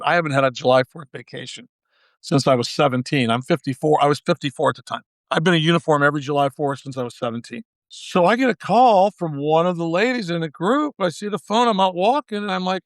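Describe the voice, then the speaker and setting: Fairly high-pitched and a bit bright, with no echo, the voice belongs to a sixty-something man who once managed baseball. As a podcast interview guest, he delivers a long folksy tale and acts out what people said.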